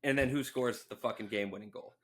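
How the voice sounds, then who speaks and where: A man's voice: mid-range voice, quick pace. A young man co-hosting a podcast, swearing often and laughing through casual chat. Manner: profane, animated, laughs a lot. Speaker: podcast co-host.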